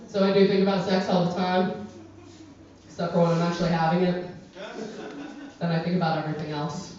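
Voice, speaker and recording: A woman doing a stand-up comedy set in a club, brash and profane, with dark self-deprecating humor. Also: on the low side. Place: comedy club with a live audience. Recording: roomy, distant, dull club recording with crowd.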